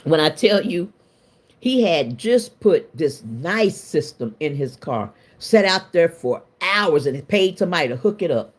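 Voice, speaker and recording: Middle-aged woman, stream host, lively storyteller with a wide-ranging pitch and a colloquial, self-mocking delivery. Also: measured pace. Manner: animated, laughs often, colloquial and self-mocking. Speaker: livestream host. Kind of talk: casual storytelling to a live chat.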